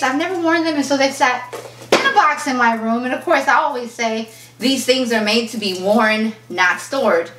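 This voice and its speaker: A woman fashion vlogger in a casual unboxing chat, telling a story in an animated, chatty way and acting out the back-and-forth. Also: mid-range voice, slight background noise. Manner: chatty, animated storyteller who acts out quoted exchanges. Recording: roomy echo, mic at a distance, faint kitchen clatter.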